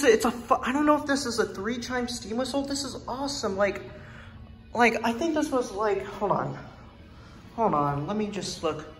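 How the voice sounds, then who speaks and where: A young woman vlogging in an indoor museum on a handheld phone, rambling and enthusiastic with many fillers, now and then dropping to a hush. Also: fairly high pitch. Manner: drops to a hush at times. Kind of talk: excited vlog commentary.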